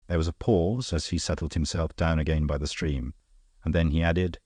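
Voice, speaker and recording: A man narrating an audiobook in a steady, measured reading style. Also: low-pitched, breathy edge, no echo, clean studio sound. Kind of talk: scripted narration.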